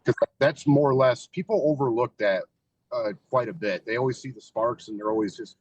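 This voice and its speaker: A man's voice: medium pitch, animated, a little fast, husky, dry recording, rough recording. A man answering as a guest on a casual podcast, talking in a candid, reflective way with frequent "um" and "you know". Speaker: podcast guest, haunt actor. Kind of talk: casual interview chat.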